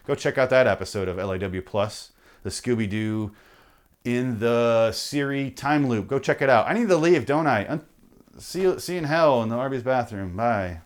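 A man hosting a podcast, ranting in a profane, rambling, jokey way through the show's sign-off. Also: mid-range voice. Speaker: podcast host. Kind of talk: rambling comedic podcast outro.

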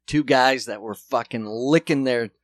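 A man's voice: mid-range voice, measured pace, no echo. A man co-hosting a podcast, rambling sarcastically and swearing a lot in casual chat. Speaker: podcast co-host.

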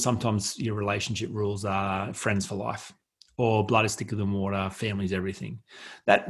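A man hosting a solo self-help podcast, talking earnestly and reflectively, repeating key phrases for emphasis. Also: fairly low pitch. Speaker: podcast host.

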